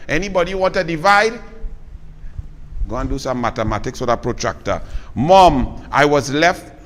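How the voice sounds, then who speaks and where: A Trinidadian man hosts a live political talk show. He tells his stories with animated Creole flair and speaks scornfully of his rivals. His voice sits a little high for a man, and a long reverb trails behind it. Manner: animated Creole storytelling, scornful toward opponents. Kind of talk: live political commentary and storytelling.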